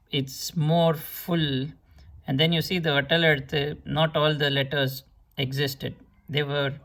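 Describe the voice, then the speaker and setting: Man, patient script teacher; slow, hesitant delivery, gravelly, sounds out syllables. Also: on the high side, fairly bright tone. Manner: slow, hesitant explaining with many fillers and restarts; sounds out syllables to demonstrate pronunciation. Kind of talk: explanatory lesson.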